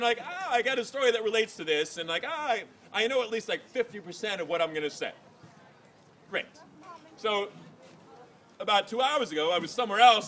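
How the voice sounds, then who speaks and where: A man tells a long personal story on stage. He rambles and jumps into voices and shouts for the quotes. His voice sits high and sounds bright. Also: slight background noise. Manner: rambling, animated, acts out quotes and yells.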